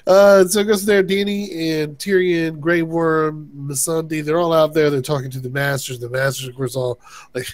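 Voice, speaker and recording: A man in a fairly high register, walking a friend through every twist of an episode. He plays the characters' lines with little bursts of laughter. The mic is close and the room dry. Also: normal speed, no room sound. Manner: animated retelling, acts out characters' lines with laughs. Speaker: co-host recapping an episode. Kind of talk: casual recap chat.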